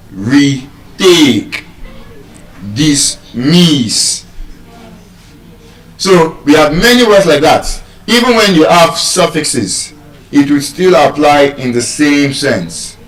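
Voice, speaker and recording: A man giving a live lesson on word stress, deliberate and teacherly, repeating key terms. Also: fairly high pitch, fairly bright tone. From Nigeria. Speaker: English language teacher. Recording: roomy sound, mic far off.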